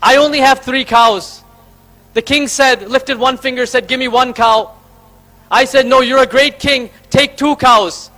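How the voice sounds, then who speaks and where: A man's voice: extremely high pitch, a little slow, bright, forceful tone, heavily acted, low-quality recording. A man voicing a simple, earnest male cowherd in a told story. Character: humble poor male cowherd.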